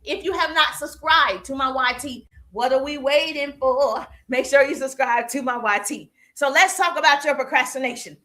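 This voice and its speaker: A high-pitched woman with a Southern accent coaches her live-stream audience, pushing them with repeated punchy phrases. Her voice is bright and forceful, and she talks straight to the viewers like a hype coach. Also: moderate pace, few pauses. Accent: Southern American. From American South. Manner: energetic, exhorting, repeats phrases, addresses viewers directly. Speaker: business coach. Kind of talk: live-stream motivational talk.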